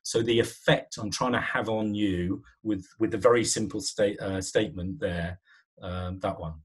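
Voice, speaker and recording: A man with a low, somewhat husky voice leads an online webinar about presenting. He talks in a relaxed, conversational way, often pausing on "um" and restarting his sentences as he walks through his slides. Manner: conversational, many fillers and restarts.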